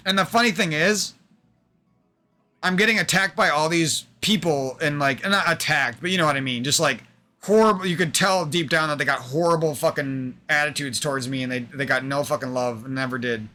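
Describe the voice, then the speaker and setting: A man's voice: on the high side, normal speed, pushed and bright, faint music behind. A young man streaming, venting in a rambling, aggrieved monologue full of swearing.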